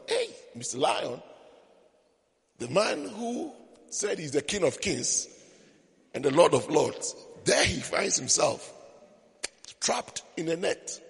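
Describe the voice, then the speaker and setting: Male preacher, high animated voice, story sermon with jokes, reverberant church. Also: slow pace, creaky, long pauses, husky. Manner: storytelling with joking asides to the congregation. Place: church service. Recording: long hall reverb.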